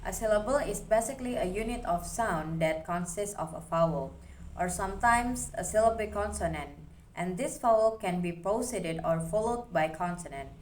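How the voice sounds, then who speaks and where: A woman's voice: mid-range voice, animated, moderate pace, a little mellow, slight background noise. A young woman student giving a recorded class presentation, explaining steadily as she reads through her slides.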